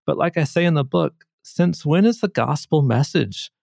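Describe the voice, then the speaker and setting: Animated male author on a podcast, dry sound. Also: a little high, normal speed, vocal fry, dry recording. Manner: animated storytelling, acts out quoted preacher. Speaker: author guest. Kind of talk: podcast conversation.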